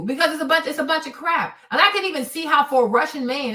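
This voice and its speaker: A woman's voice: high-pitched, fast, few pauses, bright, forceful tone, far from the mic. A woman hosting a live stream, giving emphatic ranting commentary and repeating points for effect. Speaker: streamer host.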